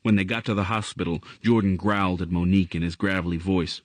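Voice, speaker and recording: Man narrating audiobook, low voice, lively expressive pitch, dry close recording. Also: fast talker, no echo. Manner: expressive storytelling reading. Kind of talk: scripted narration.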